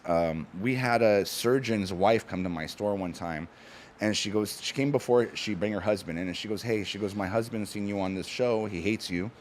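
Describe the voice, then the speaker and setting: A man on a talk show, telling stories in a fast, animated, casual way with frequent restarts. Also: lowish voice, a little hiss or hum. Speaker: guest, cannabis company founder. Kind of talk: casual chat.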